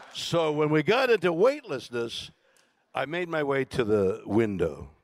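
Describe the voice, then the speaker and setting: An older man speaking as keynote guest, telling a story to a live audience with a dramatic, halting delivery and hushed asides. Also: on the high side, background noise. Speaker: keynote guest in a stage conversation. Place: conference stage.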